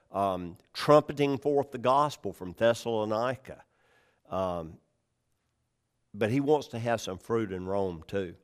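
Man, pastor, conversational sermon delivery, slow pace, folksy humor. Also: fairly low pitch, smooth. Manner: conversational, checks in with the congregation, asks questions. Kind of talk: sermon, verse-by-verse Bible teaching.

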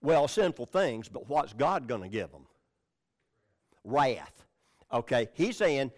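A man's voice: medium pitch, sing-song, slow, long pauses. A male pastor teaching from the Bible in a conversational sermon, reading scripture with stress on key words and often checking in with the listeners. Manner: conversational, checks in with "all right?" and "okay?".

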